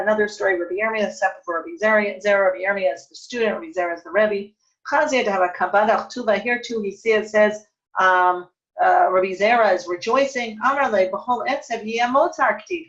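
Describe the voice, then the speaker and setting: A woman's voice: medium pitch, fairly bright tone, dull audio. Woman teaching Talmud, thinking aloud. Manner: thinks aloud, self-correcting with fillers and restarts. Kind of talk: text study lesson, reading and translating aloud.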